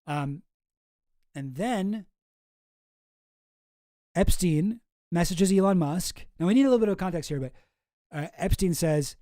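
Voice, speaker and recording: Sardonic male streamer, mellow voice. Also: sits high, lively intonation, a little slow, pauses often, no echo, clean studio sound. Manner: sardonic, reads messages aloud in mock voices. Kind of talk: casual livestream commentary.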